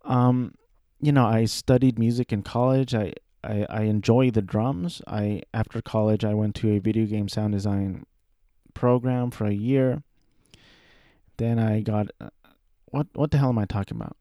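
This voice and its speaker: A man in his thirties talking casually about his life, rambling and self-deprecating, with halting restarts. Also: on the low side, fairly even intonation, mellow, dry recording, clean studio sound. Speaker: aspiring voice actor. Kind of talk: casual personal monologue.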